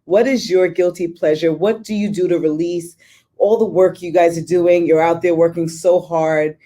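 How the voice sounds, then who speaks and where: A woman's voice: lowish voice, fairly even intonation, normal speed, mellow. A woman moderating a panel, casual, chatty and affirming.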